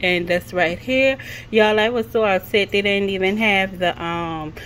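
A woman's voice: medium pitch, a little slow, fairly bright tone, a little hiss or hum, poor audio. A woman in her thirties vlogging at home in a casual, chatty way, addressing her viewers again and again. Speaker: lifestyle vlogger and mom. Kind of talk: casual vlog chat.

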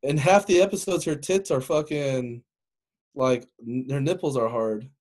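A man's voice: medium pitch, measured pace, a little mellow. A man around thirty hosting a casual crude podcast, teasing his guest with provocative questions. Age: 30s.

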